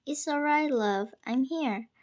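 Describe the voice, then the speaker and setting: A woman reading aloud, voicing an anxious mother who fusses and gently scolds her daughter, sometimes slipping into a soft whisper. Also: sits high, takes it slowly. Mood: worried.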